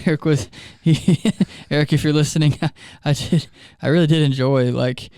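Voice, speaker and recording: Chatty man with a smooth, dry voice. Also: on the high side, fairly even intonation, moderate pace, warm tone, dry recording. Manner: chatty storyteller, laughs often mid-sentence. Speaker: youth ministry leader. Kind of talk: casual podcast chat.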